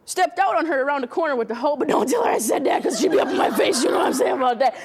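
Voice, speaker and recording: A woman's voice: high-pitched, sing-song, over a noisy crowd. A woman acting out a chatty, scattered witness who tells her story in loops and digressions. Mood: animated rambling. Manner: fast, circular, digressive storytelling.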